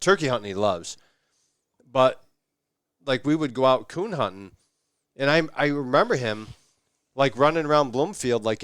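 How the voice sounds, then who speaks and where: A man casually recalling old hunting days with friends at a cabin, his phrases often trailing off softly. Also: mid-range voice, clear, resonant tone, no echo, studio quality. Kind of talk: casual storytelling at camp.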